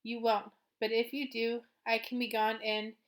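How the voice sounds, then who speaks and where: A woman's voice: on the high side, flat delivery, measured pace, close to an everyday voice. A woman voicing a wary, defiant boy who climbs rooftops. He speaks bluntly and curtly and drops in the odd French word. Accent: occasional French words. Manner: blunt, curt and dismissive.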